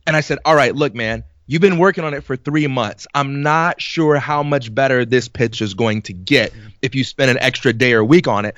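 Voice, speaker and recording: A man's voice: medium pitch, moderate pace, few pauses, fairly bright tone, dry recording, dull audio. Dry-sounding man telling stories casually. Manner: storytelling, acts out quoted exchanges; reflective, laughs often. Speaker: podcast co-host. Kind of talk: casual podcast chat.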